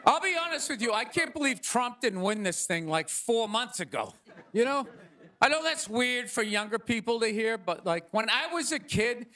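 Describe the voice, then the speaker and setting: A man doing a stand-up monologue on a theater stage into a stage mic, animated and ranting, often acting out other people's voices. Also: very high voice, moderate pace. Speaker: stand-up comedian. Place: theater stage before a live audience. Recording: stage recording with crowd noise. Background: audience laughter.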